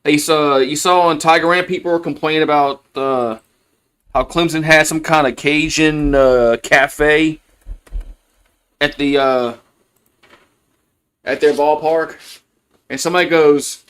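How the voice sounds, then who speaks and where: A man's voice: fairly high pitch, fairly even intonation, slow pace, long pauses, a bit bright, smooth. A man giving casual, rambling play-by-play of a college baseball game on a livestream, full of fillers and restarts. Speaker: fan play-by-play host.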